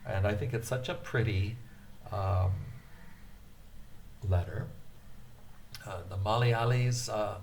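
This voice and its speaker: Slow, low-voiced man teaching Japanese. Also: fairly even intonation, a little mellow, slight background noise. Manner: hesitant, many filler sounds, repeats words for drill. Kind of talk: beginner language lesson.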